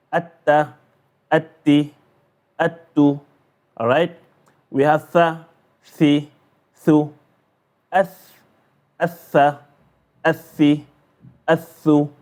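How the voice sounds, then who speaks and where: Slow, patient male recitation teacher. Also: on the high side, a little mellow. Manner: patient, repetitive, explains then drills syllables. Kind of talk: slow drilling of letter sounds.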